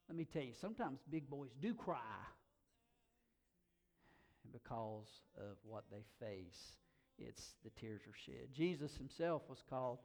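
A man's voice: mid-range voice, darkish tone. A middle-aged man preaching a sermon as a pastor, conversational and emphatic, often repeating words as he goes.

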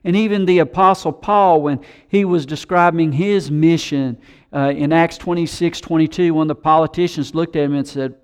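A man preaching a sermon, animated, who acts out the voices of scoffers he quotes. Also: on the high side, moderate pace, clear, resonant tone. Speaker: pastor.

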